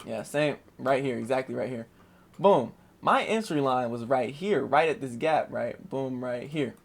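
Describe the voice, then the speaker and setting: Gravelly young man, slangy trade recap. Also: measured pace. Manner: animated, slangy, swearing, keeps saying "boom" and "right". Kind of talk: casual screen-share trade recap.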